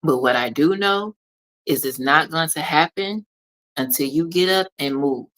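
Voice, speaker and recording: A woman's voice: deep voice, measured pace, a bit bright, rough recording. A woman speaking as a motivational consultant, talking straight to the listener in an emphatic, preachy way that repeats phrases for stress. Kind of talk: motivational monologue.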